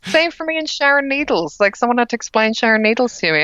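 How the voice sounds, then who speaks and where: An Irish woman in her late thirties tells stories in a relaxed, self-deprecating way, with plenty of ums along the way. Her voice is bright, and the recording is dry and slightly dull. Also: a little high, quick pace, no echo. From Ireland. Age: late 30s. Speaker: guest, drag king performer. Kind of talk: casual interview chat.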